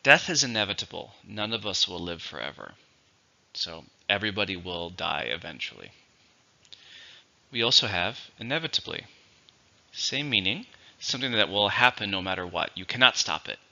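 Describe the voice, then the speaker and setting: Low, bright-voiced male English teacher. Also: animated, vocal fry, highs cut off. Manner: slow, deliberate explanations with repeated words. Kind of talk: vocabulary lesson.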